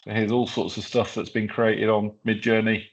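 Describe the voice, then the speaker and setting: Fairly low in pitch and level in tone, this man speaks at a normal speed while running a hands-on workshop. His live tech demo is casual, with lots of fillers and restarts, and the audio sounds slightly dull and lo-fi.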